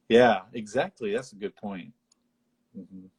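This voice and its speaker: A husky, slightly low-voiced man co-hosts a casual live chat about a film. He retells scenes with enthusiasm and jumps into squeaky voices to mimic characters. His delivery is loose, with frequent laughs and restarts. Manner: animated retelling, acts out lines in high voices. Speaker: podcast co-host.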